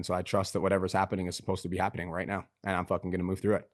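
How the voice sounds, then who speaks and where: A man's voice: low voice, completely flat delivery, rapid-fire, no echo, clean studio sound. Profane, fired-up male business coach. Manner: profane, pumped-up motivational talk with sudden loud outbursts. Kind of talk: group coaching call.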